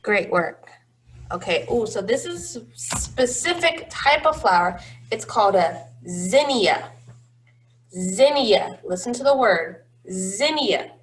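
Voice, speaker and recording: A woman's voice: medium pitch, lively intonation, slow pace, slight background noise. A woman teaching a phonics lesson to young children, patient and encouraging, drawing out each word.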